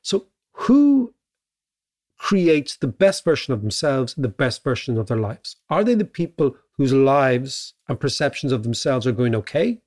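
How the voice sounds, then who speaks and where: A middle-aged Irish man co-hosting a podcast in casual chat. He muses aloud and keeps checking in with a quick "right?". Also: mid-range voice, very animated, darkish tone. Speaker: podcast co-host.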